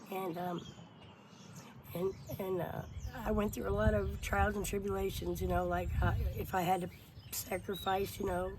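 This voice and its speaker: A woman in her forties telling her life story in an interview, halting and emotional, with many fillers and restarts. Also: on the low side, darkish tone. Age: 40s. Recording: noisy outdoor background.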